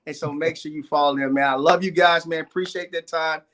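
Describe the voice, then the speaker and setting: A man's voice: a little high, fairly even intonation, brisk, fairly bright tone. A middle-aged man, a guest entrepreneur, telling his life story earnestly in a live interview, repeating phrases and stacking up lists of hardships.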